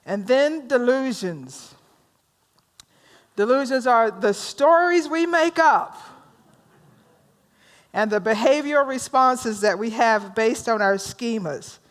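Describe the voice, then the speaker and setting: A woman from rural North Carolina leads a workshop in her Southern drawl. Her voice sits a touch high. She teaches conversationally, stops to check in with the room and teases her listeners. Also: animated, slow, long pauses. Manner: conversational, teasing the audience, asks them questions. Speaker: minister leading a workshop.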